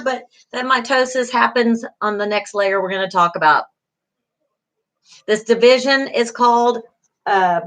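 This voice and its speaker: A woman's voice: on the high side, fairly bright tone. A middle-aged woman, a beauty school instructor giving an online class lecture, encouraging, with many fillers, repeating key terms.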